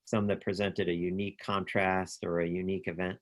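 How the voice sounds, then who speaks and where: Guy interviewing an artist online, lowish voice, lots of ums. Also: level tone. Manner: halting, many fillers and restarts. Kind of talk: virtual interview questions. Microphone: computer mic on video call.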